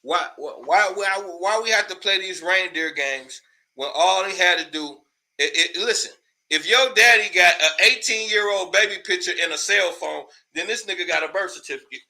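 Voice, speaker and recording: A man's voice: sits high, normal speed, bright, forceful tone. A man hosting a casual commentary show, ranting in a loose, profane way, laughing often and repeating words when worked up.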